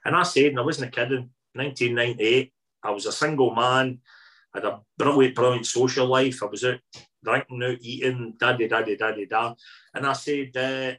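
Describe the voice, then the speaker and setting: A Scottish man in his fifties, a guest in an interview, telling lively anecdotes in casual chat and repeating phrases for emphasis. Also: mid-range voice, normal speed, low-quality recording. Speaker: interview guest, food columnist.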